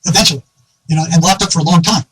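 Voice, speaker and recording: A quick-talking man recounting an anecdote in a relaxed online conversation. His voice sits a little higher than most men's, and the words come fast. Faint background noise runs under the recording. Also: poor audio. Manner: animated anecdote teller, quotes others, laughs often. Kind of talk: casual storytelling conversation.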